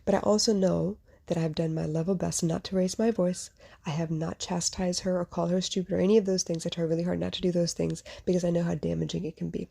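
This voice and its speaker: A woman's voice: lowish voice, flat delivery, fast talker, vocal fry, warm tone, breathy edge. A woman hosting a podcast, telling a personal story in an earnest, reflective way and speaking straight to the listener. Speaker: podcast host; mother and small business owner.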